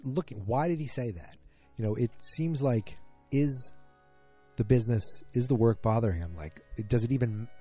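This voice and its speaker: Mellow-voiced man rambling through a recap. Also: mid-range voice, slightly rough. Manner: rambling, chatty, many fillers and restarts. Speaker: podcast host. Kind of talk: casual episode recap.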